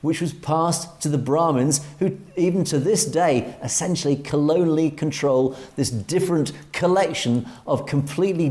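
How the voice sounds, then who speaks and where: An emphatic man with an English accent co-hosts a commentary show, reading out viewer comments and pressing his points with many restarts. His voice is mellow and warm, and it sits somewhat high for a man. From Europe. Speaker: co-host. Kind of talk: opinionated commentary discussion.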